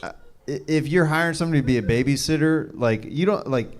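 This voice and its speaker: A man in the audience talking with a comedian, hesitant and halting. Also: fairly high pitch. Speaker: audience member. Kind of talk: casual chat with comedian.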